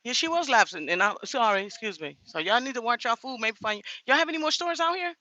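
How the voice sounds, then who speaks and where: A woman's voice: a little high, animated, fast talker, pushed and bright, dry recording, highs cut off. A woman talking straight to her viewers in a casual vlog, blunt and indignant. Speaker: vlogger.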